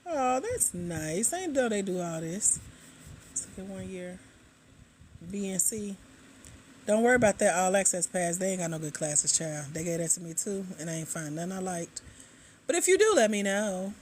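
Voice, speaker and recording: A woman hosting a casual livestream, chatting and reading viewer comments aloud with drawn-out sign-offs. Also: lowish voice, big pitch swings, darkish tone, slight background noise. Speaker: livestream host.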